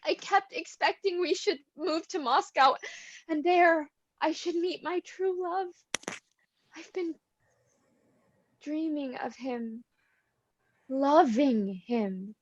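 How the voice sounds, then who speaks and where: A woman's voice: high-pitched, takes it slowly, long pauses, no room sound, muffled recording. A woman playing a despairing young woman of twenty-three, crying through her lines in a cold read over a video call. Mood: wistful. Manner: sobbing, anguished outbursts. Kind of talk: cold-read stage drama.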